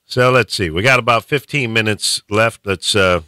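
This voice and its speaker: A man's voice: lowish voice, pushed and bright, no room sound. A man hosting a radio show in a studio, chatting casually with his co-hosts and laughing often.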